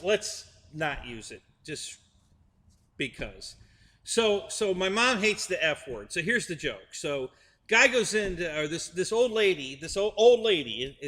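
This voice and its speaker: Chatting with his live chat viewers, a middle-aged man hosting a stream rambles through a joke, restarting and chuckling as he goes. His voice is fairly high and sharp, and it carries a big-room sound.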